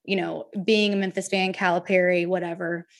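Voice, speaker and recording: A young woman co-hosting a podcast, telling lively stories and mimicking people in raised voices. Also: fairly low pitch, fairly quick, creaky. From Southern United States. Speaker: podcast co-host. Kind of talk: casual sports chat.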